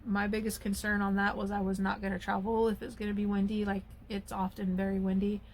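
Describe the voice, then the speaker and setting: Speaking at medium pitch in a level, brisk and slightly mellow way, she gives an anxious, rambling vlog monologue full of restarted sentences. She's at home, inside and out by the car, with a little background noise.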